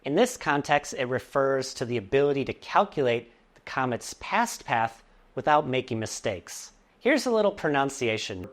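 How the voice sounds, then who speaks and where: Lively-voiced English teacher explaining vocabulary. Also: medium pitch. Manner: clear, deliberate explanations with playful asides. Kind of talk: scripted vocabulary lesson.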